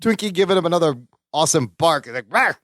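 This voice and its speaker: A man's voice: fairly high pitch, lively intonation, racing, no echo, clean studio sound. A man co-hosting a podcast, playfully recapping a sitcom episode and laughing often. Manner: playful, laughs often while retelling scenes. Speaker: podcast co-host.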